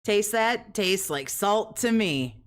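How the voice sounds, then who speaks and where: A woman's voice: mid-range voice, animated, takes it slowly. A woman hosting a reaction commentary, mocking and sarcastic, swearing freely. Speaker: commentary host.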